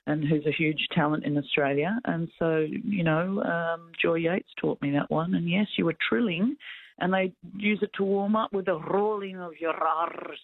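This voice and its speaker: Female caller, mid-pitched, eager, phone-line sound. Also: moderate pace. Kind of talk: casual radio call.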